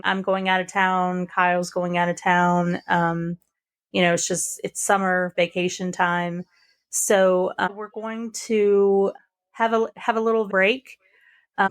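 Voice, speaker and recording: A young woman co-hosting a casual podcast, easygoing and supportive as she announces a break. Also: mid-range voice. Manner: easygoing, supportive back-channeling. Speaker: podcast co-host. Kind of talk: casual chat.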